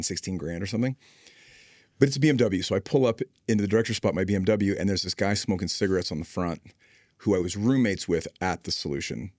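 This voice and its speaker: A man hosting a podcast, telling a relaxed and wry anecdote in a casual conversational manner. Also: low-pitched, no echo, studio quality. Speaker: podcast host.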